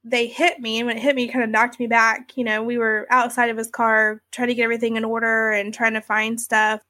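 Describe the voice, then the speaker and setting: A woman's voice: fairly high pitch, flat delivery, a little fast, pushed and bright. A young woman recounting a personal ordeal in a conversational way, full of "like" and "you know". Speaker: interviewee recounting her experience. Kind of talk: emotional personal storytelling.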